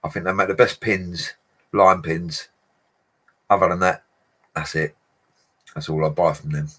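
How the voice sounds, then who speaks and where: A man with a low, deep voice chats with his livestream viewers in an easy, matey way. He speaks, reads comments aloud and laughs often. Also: fairly even intonation, a little slow, fairly bright tone. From England. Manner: chatty, laughs often, talks to viewers as mates. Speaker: bricklayer livestreamer. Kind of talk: casual livestream chat reading comments.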